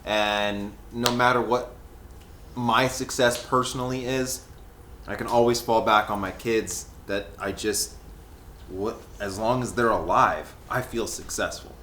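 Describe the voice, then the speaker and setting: Animated guy telling stories, echoey room. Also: lowish voice, unhurried, slight background noise. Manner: animated, says "dude" and "bro" a lot. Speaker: vlogger. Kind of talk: casual storytelling vlog.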